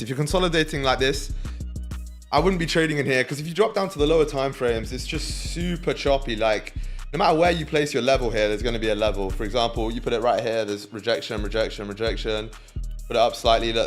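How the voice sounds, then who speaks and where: A young British man chatting casually on a live trading stream, slangy and talking straight to his chat. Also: mid-range voice.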